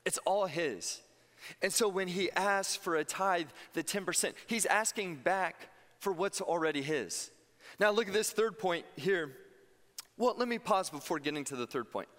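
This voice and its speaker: A man preaching a sermon as pastor, telling stories with animated delivery and acting out the voices he quotes. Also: sits high, measured pace. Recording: long hall reverb.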